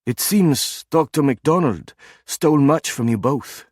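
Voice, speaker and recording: A man voicing a composed young German academic doctor with a soft German accent, in an audiobook. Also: medium pitch, animated, a little slow, no echo, clean studio sound, pitched above the performer's own voice.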